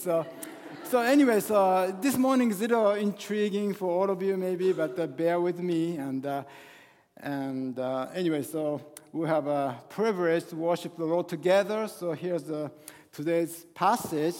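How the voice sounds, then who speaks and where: High-voiced man preaching, halting. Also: a little mellow. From Japan. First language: Japanese. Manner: halting, full of hesitations and restarts. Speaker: guest pastor. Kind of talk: sermon. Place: church sanctuary. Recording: long hall reverb in a church.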